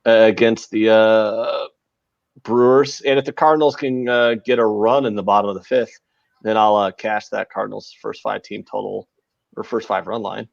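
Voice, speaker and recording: A man's voice: lowish voice, steady tone, normal speed, gravelly, no echo, muffled recording. A man hosting a casual live sports betting podcast, talking in a brash, profane, rambling way. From United States. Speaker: podcast host.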